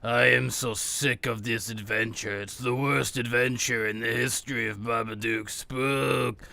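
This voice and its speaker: A man's voice: medium pitch, fairly even intonation, unhurried, vocal fry, bright, forceful tone. A man voicing an ancient, weary evil spook who groans profane, self-pitying complaints over video game play. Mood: weary disgust. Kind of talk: in-character commentary over video games.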